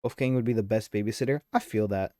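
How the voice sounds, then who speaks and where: A man's voice: lowish voice, quick pace, dark tone, dry recording. A man streaming a game live, reading its dialogue aloud and chatting between lines, easily sidetracked.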